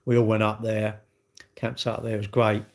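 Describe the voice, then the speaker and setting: A man's voice: lowish voice, completely flat delivery, moderate pace, creaky. A middle-aged man, chatting casually and cheekily with viewers on a livestream. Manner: chatty, cheeky banter, swearing. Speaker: livestream host. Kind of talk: casual livestream chat reading comments.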